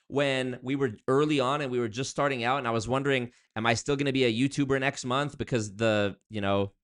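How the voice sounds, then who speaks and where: A man hosting a live-stream commentary show, reading chat aloud and reacting in an animated, jokey way with big leaps in pitch when he hypes viewers up. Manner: animated, jokey, big pitch swings, hype shout-outs.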